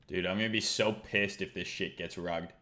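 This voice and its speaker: A man's voice: deep voice, steady tone, normal speed, sharp tone. A man hosting a trading livestream, talking casually in a blunt, profane, rambling way.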